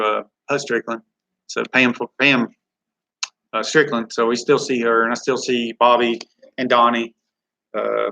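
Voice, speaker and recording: A man's voice: medium pitch, bright, forceful tone, highs cut off. A man hosting a live chat Q&A from a studio, rambling and reading viewer comments aloud. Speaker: live stream host.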